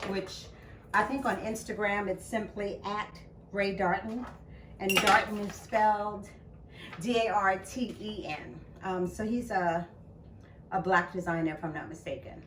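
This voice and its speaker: An older woman chatting casually to camera in her home kitchen, talking warmly and laughing often as she makes juice. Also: mid-range voice, measured pace. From United States. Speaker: home juicing vlogger. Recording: roomy kitchen, mic at a distance, loud appliance noise.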